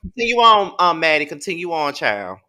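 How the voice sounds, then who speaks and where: A woman's voice: sits low, big pitch swings, fairly quick, bright, forceful tone. A woman co-hosting a live TV review, talking in a laid-back, drawling, casual way. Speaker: co-host of a live review show.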